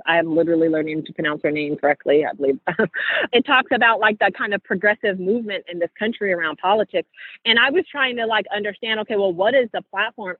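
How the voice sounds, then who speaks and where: A woman's voice: medium pitch, breathy edge, no room sound. Woman host, casual preachy chat, dry close sound. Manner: animated, preachy storytelling. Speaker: podcast host. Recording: tinny phone-like sound.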